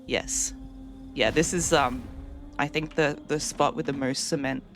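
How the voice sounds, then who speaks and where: Faint music plays behind a woman speaking in a low-pitched, steady voice at a measured pace. She's gaming on a home stream, casually chatting with viewers, answering what they write in chat, and laughing easily.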